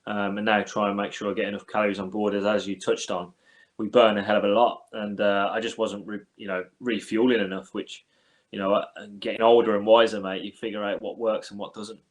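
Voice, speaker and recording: A man in his thirties from England talks casually in an interview, with a somewhat low voice. He is relaxed and hesitant, full of fillers and restarts, and calls the host mate. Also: fairly quick. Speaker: cricketer guest.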